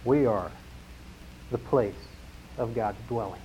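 A man preaching a sermon to his congregation, emphatic, slowing down and falling quiet on key phrases. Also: on the low side, a little hiss or hum. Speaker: pastor. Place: church sanctuary. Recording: dull lo-fi sound.

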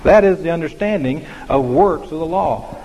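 A man's voice: fairly high pitch, normal speed, warm tone, in a large hall, slight background noise, low-quality recording. A man preaching a sermon as pastor, in a conversational way with many fillers and restarts.

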